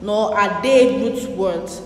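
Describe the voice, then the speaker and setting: Slow teacher woman in an echoey room. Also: medium pitch. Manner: slow, spelling words out letter by letter. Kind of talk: classroom lesson for young children. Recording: echoey room with long reverb.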